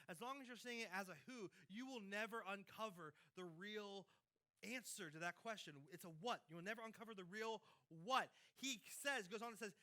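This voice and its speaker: A man preaching a sermon as pastor, repeating phrases with sudden loud peaks and quiet drops. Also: high voice.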